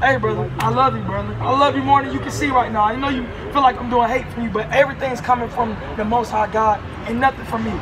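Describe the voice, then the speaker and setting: A high-pitched man preaches on a city street at night, shouting scripture at passers-by and calling them man and brother. The recording is rough, with crowd chatter and traffic noise behind him. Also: steady tone, quick pace, few pauses. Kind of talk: heated street preaching and argument.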